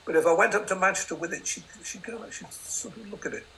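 A man's voice: sits high, fast, gravelly, a bit bright, poor audio. An older man, a novelist, telling wry, self-deprecating anecdotes in an interview. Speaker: novelist guest. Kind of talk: interview storytelling.

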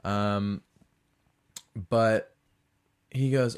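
A man hosts his own podcast in a loose, crude rant. His pitch swoops up and down all over. He jumps from loud outbursts to half-whispered asides. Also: a little slow. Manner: animated, swings between loud and muttered asides. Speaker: podcast host. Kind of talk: casual solo rant.

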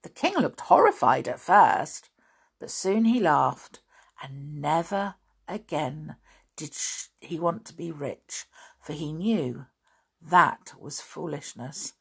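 Storyteller: a woman reading a storybook aloud, expressive, gently emotive. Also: sits low, slow pace, vocal fry, breathy edge.

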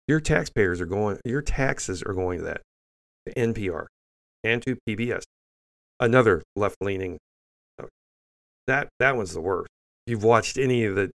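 A man's voice: on the low side, gravelly. An older man hosting an opinionated news commentary show, blunt and scornful, often restarting sentences with fillers.

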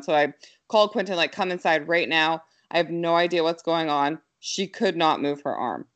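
Young woman, slightly low voice, brisk animated storyteller, filler-heavy casual chat. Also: clear, resonant tone, highs cut off. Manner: quick, animated, lots of fillers.

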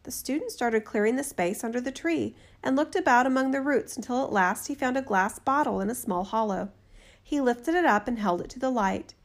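A woman narrating a fairy tale in a steady, measured reading voice. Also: fairly high pitch. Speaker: storyteller. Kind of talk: storybook narration.

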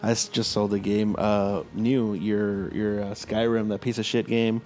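A man's voice: on the low side, level tone, unhurried, a little mellow, slight background noise. A man co-hosting a casual gaming podcast, talking hesitantly with many fillers and jokes. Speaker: podcast co-host.

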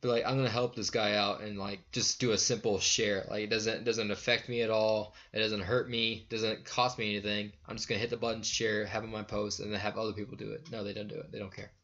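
A man's voice: fairly low pitch, little pitch movement, a little fast, hardly any pauses, fairly bright tone, dull audio. A man chatting casually, rambling with lots of fillers and easy laughter. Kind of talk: casual chat.

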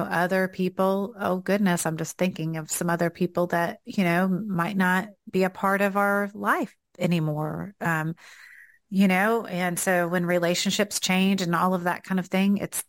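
A middle-aged woman with a Southern drawl chats as co-host of a faith podcast, rambling warmly with plenty of fillers. Her voice sits low with a gravelly edge. The sound is dry and close. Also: no echo. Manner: chatty, rambling, with fillers and laughs. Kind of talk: casual faith podcast chat.

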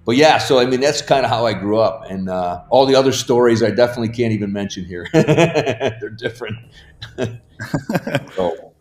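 A man's voice: medium pitch, expressive, normal speed, a little mellow, soft background music. A man guest casually telling rambling stories at home, laughing as he goes. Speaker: podcast guest. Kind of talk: casual storytelling. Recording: roomy echo.

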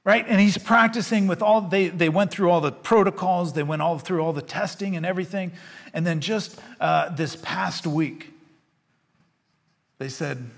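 A man's voice: high-pitched, moderate pace. A male pastor giving a sermon, earnest and conversational, rising to fervor when he reads scripture. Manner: conversational with fillers and repetitions. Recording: long hall reverb.

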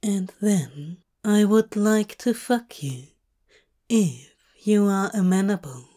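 A woman voicing a composed male lover in an audiobook fanfic reading, speaking softly and formally. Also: mid-range voice, expressive. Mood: soft tender. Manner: soft, formal, unhurried.

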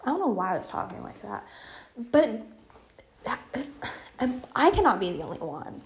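A woman's voice: mid-range voice, huge pitch swings, moderate pace, a little hiss or hum. A woman in her twenties rambling casually to her viewers outdoors, giggling, slipping into whispers, and sounding cold. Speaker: vlogger.

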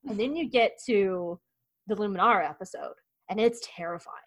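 This is a woman hosting a podcast in a loose, casual chat, sitting at a middle pitch. She gushes with enthusiasm and rambles, circling back with restarts and fillers like "like" and "um.". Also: moderate pace, rough recording. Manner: gushing, rambling with many restarts. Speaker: podcast host.

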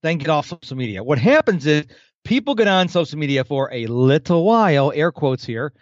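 A man's voice: a little high, very animated, brisk, no room sound, dull audio. A man in his fifties, a podcast guest, talking animatedly in a casual interview and acting out the people he quotes. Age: 50s.

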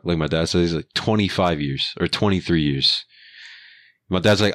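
A man's voice: low-pitched, moderate pace, dry recording, clean studio sound. A young man casually retelling a work story, full of slang and swearing, and acting out what people said. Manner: profane, slangy, animated retelling with quoted voices.

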